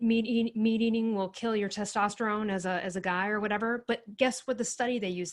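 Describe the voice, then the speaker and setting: A woman co-hosting a podcast, speaking her mind in an opinionated, ranting way in casual chat. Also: fairly high pitch. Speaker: podcast co-host.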